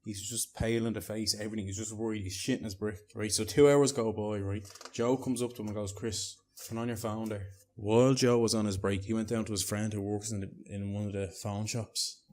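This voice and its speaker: A man's voice: lowish voice, flat delivery, a little fast, few pauses, a little mellow. A man telling a prank story casually, rambling and checking in with "right?" and a bit of swearing.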